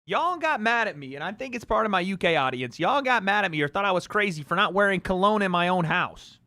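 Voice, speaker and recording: A man's voice: high voice, expressive, fast, bright, forceful tone, dry recording. A man hosting a livestream from home, joking and trading playful trolling banter with his chat. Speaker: livestream host.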